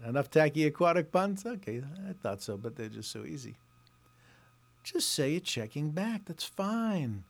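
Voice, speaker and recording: Wry sarcastic man in his sixties. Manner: sarcastic and wry, with mocking voices when reading pitches aloud. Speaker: reporter and podcast host. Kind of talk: scripted comedic commentary.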